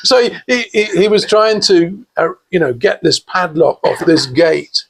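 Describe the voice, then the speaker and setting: Gravelly-voiced older man telling stories. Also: a little high, lively intonation, unhurried. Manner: rambling anecdotes with frequent fillers and laughs. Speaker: podcast guest, author. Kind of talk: casual storytelling.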